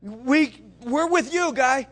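A man voicing a rowdy band of male followers who loudly egg their friend on. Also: very high voice, takes it slowly, pitched above the performer's own voice, heavily acted. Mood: cheering. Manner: loud and egging on.

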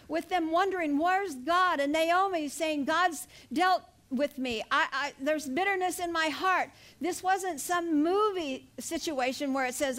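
A woman's voice: high-pitched, a bit bright. An older woman preaching a sermon, retelling a story with laughs and then pressing her point with emphatic exhortation.

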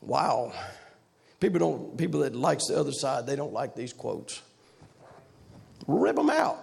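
A man preaching a revival sermon in a loud, rhythmic, shouting preaching cadence. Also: mid-range voice, very animated, unhurried, gravelly.

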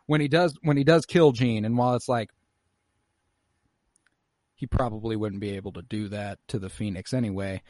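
A man's voice: fairly low pitch, steady tone, normal speed, long pauses, a little mellow, no room sound, studio quality. A man chatting casually with friends, enthusiastic and swearing freely. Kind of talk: casual chat.

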